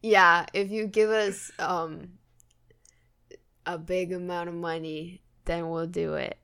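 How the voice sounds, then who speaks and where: A woman co-hosting a casual podcast, rambling along in an offhand, deadpan way and swearing freely. Her voice is bright and clear, with a smooth ring to it. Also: fairly low pitch, slow. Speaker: podcast co-host.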